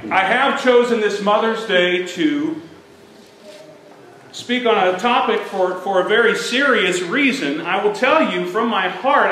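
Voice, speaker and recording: Middle-aged male pastor, high bright voice, unhurried storytelling sermon, echoey sanctuary. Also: a little hiss or hum. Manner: storytelling, building to emphatic preaching. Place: church sanctuary.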